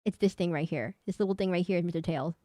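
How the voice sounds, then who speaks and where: Ranking characters on a casual live stream, a fast-talking woman with a lowish, dark-toned voice rambles, laughs and keeps correcting herself. The sound is studio quality with no echo.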